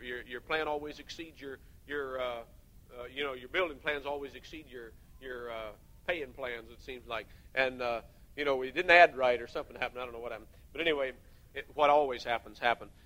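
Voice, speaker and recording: A man's voice: a little high, sharp tone, poor audio. A middle-aged man preaching a sermon, telling homey stories and rising to fervent emphasis.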